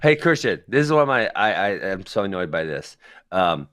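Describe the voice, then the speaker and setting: A man's voice: low voice, sing-song, brisk, fairly bright tone. A man co-hosting a casual podcast chat who rants emphatically and gets fired up about his points. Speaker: podcast co-host.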